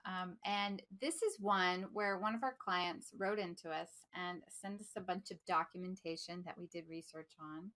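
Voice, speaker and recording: A woman from the United States co-hosting a podcast, telling PR stories in lively casual chat and laughing easily. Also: fairly low pitch, normal speed, few pauses. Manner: animated storyteller, laughs easily. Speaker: podcast co-host, PR professional.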